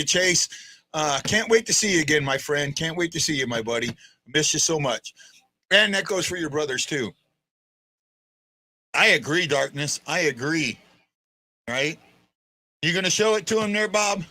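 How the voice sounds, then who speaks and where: A man hosting a live fan stream, commenting in an excitable, chatty way with frequent restarts. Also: on the high side, normal speed, long pauses. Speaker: fan show host.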